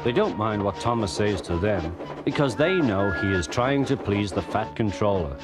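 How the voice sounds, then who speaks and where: A man narrating a children's story in an animated, expressive reading. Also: lowish voice, normal speed. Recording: loud music behind.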